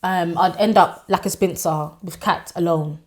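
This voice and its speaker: A woman, telling a painful personal story as a podcast co-host, candid and quick to laugh. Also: on the low side, fairly even intonation. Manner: emotional, confessional, quick to laugh.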